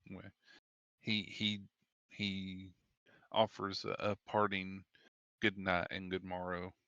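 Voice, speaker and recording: A man's voice: sits low, flat delivery, slow, sharp tone, clear, resonant tone, no echo, lo-fi sound. A man narrating a tabletop game as game master, describing scenes at length. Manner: descriptive, with fillers and restarts.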